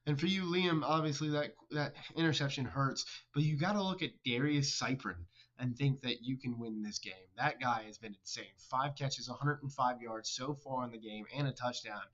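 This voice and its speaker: A man's voice: mid-range voice, moderate pace, few pauses, a bit bright, muffled recording. A man commenting on a football video game and interviewing coaches in a chatty, teasing way. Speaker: host and commentator.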